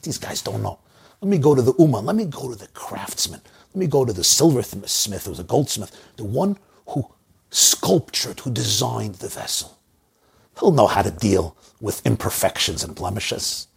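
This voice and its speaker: A man's voice: fairly low pitch, big pitch swings, normal speed, gravelly, husky, exaggerated voice. A man voicing an anxious commoner who thinks aloud about where to seek help.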